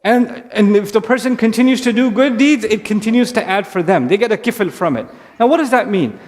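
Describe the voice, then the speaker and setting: A man giving a conversational religious talk to parents and children before an audience, lively and acting out little scenes. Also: high voice, a little fast, big-room sound. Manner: conversational, animated, acts out kids and parents. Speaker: speaker addressing parents.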